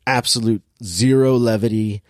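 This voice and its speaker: A man's voice: mid-range voice, steady tone, moderate pace, darkish tone, no echo, studio quality. A man hosting a casual movie-review chat, talking in a sardonic, rambling, exasperated way.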